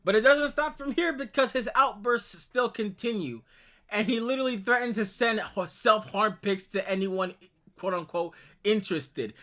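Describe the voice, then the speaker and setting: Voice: mid-range voice, moderate pace, a bit bright. A video creator delivering a furious, profane call-out monologue over screenshots, ranting at an ex-partner.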